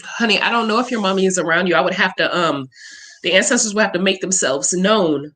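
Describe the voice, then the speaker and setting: A woman's voice: mid-range voice, brisk, a bit bright. Chatty, candid woman livestream host. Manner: candid, profane, emotional and chatty. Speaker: spiritual reader and livestream host. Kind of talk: casual livestream Q&A.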